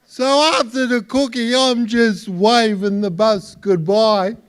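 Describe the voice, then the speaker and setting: A man with an Australian accent doing stand-up comedy for a live audience, with a halting delivery full of repeated words. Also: high voice, fairly even intonation, clear, resonant tone. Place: live stage before an audience.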